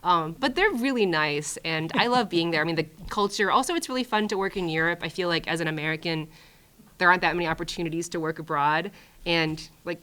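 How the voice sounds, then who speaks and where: A woman's voice: on the low side, quick pace, pushed and bright, smooth. A woman from Hawaii in her thirties, a playwright talking casually as a guest in a master class, chatty and full of fillers and restarts.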